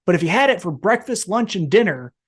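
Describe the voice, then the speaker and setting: A woman's voice: mid-range voice, animated, fast talker, husky. A woman co-hosting a wrestling podcast, chatting casually with emphatic swearing. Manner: profane, emphatic. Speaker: podcast co-host.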